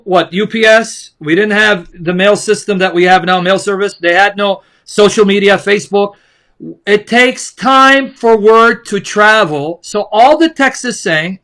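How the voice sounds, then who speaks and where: A man's voice: high-pitched, pushed and bright. A man co-hosting a heated religious debate show, talking in an emphatic, sarcastic, mocking way. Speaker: co-host. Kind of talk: heated apologetics discussion.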